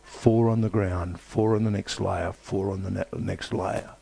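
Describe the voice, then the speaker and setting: Low, mellow-voiced man preaching emphatically. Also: fairly even intonation, gravelly, breathy edge. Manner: emphatic, repetitive preaching with dramatic pauses. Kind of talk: sermon.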